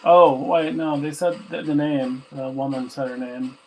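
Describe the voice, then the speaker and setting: A man with a slightly raised pitch talks casually at home, reacting to the answers he hears and teasing the spirits as he questions them. A constant bed of static hiss sits under his voice. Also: unhurried, rough recording. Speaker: paranormal investigator hosting a ghost box session. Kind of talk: casual spoken commentary while questioning spirits. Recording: steady static hiss from a ghost box.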